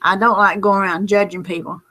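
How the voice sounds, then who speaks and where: A woman's voice: medium pitch, level tone, brisk, pushed and bright. A middle-aged woman, talking in a late-night casual vlog, rambling and folksy, drowsy and close to tears. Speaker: lottery number vlogger.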